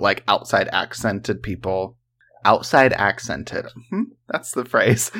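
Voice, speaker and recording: A man's voice: medium pitch, a bit bright. A man co-hosting a casual true-crime podcast, talking in a joking, rambling way full of fillers. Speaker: podcast co-host.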